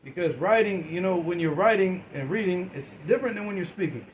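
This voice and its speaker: A man teaching a class, his voice a little higher than most men's. He keeps asking his students questions and waiting for their answers, and he talks informally, repeating and restarting words. Faint room noise hums behind him. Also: lively intonation, fairly quick, rough recording.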